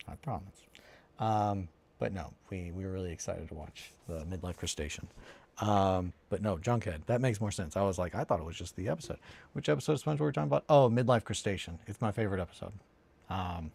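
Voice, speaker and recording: A man's voice: on the low side, vocal fry, dry recording. A man chatting casually on a livestream while doing a hobby, rambling and answering chat. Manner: rambling, animated, breaks into quoted cartoon lines. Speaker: streamer.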